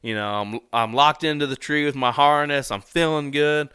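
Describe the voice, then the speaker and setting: A young adult man telling a story as a podcast guest, animated, laughing often and swearing casually. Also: on the high side, normal speed, smooth, no room sound, clean studio sound.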